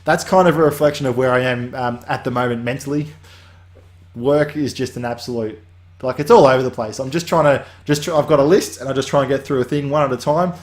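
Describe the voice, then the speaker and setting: A man's voice: medium pitch, quick pace. A man hosting a weekly game update, talking casually in a rambling way that drifts off on tangents and restarts often.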